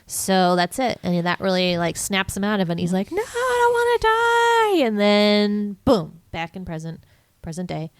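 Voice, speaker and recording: A woman co-hosting a podcast, recapping a movie in casual chat and acting out lines in quick voices. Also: on the low side, steady tone, clean tone, no echo. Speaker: podcast co-host.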